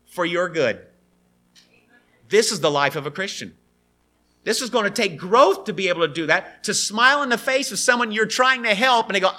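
Bright high-voiced male preacher. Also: moderate pace. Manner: animated preaching, acts out quoted voices. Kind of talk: sermon.

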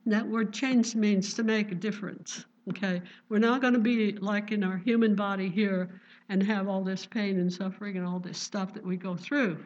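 An older woman preaching a sermon in a gentle, earnest, conversational way, quoting scripture. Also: medium pitch, unhurried. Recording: dull lo-fi recording.

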